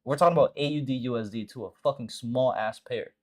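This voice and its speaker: A man of middling pitch who coaches his viewers through a live trading session. He is blunt and peppers his talk with slang and profanity. He drives points home by saying short phrases again and again. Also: fast. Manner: repeats short phrases for emphasis. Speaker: forex trading mentor and stream host. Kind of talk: casual live-stream commentary.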